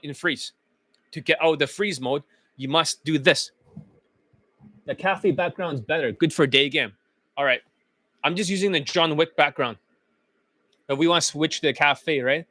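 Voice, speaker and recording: Male dating coach, higher-pitched, dry sound, pushy and profane, loves repetition. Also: sharp tone, no echo. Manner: emphatic, blunt and profane, chanting phrases over and over. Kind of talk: profane motivational coaching monologue.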